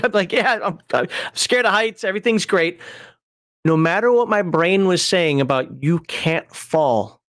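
Man, middle-aged, slightly high voice, animated storyteller, laughs at himself, dry close recording. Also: no echo. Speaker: host explaining game rules. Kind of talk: casual explanatory talk with a personal story.

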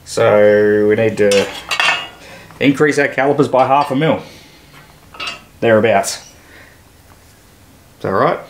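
A man's voice: fairly low pitch, slow, long pauses. An Australian man talking casually as he builds, thinking aloud and picking at his own mistakes in a workshop. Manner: thinking aloud, self-critical, easygoing. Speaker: boat builder vlogger. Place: boat shed workshop. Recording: echoey workshop, faint background noise.

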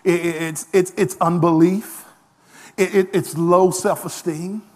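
A man preaching a lively sermon as pastor, self-deprecating, with frequent call-and-response asides. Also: high voice, unhurried.

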